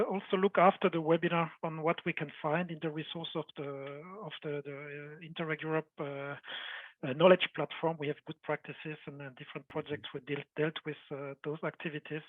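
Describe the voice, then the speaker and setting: A man moderating a webinar on a video call, losing his voice, hesitant and repeating words as he trails off softly. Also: a little high, no echo. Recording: phone-like thin audio.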